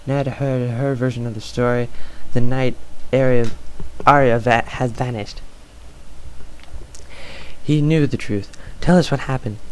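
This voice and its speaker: A man's voice: medium pitch, clean tone, poor audio. A man doing an amateur audiobook reading, stumbling over words and filling gaps with "uh". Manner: stumbling, filler-heavy reading. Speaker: reader.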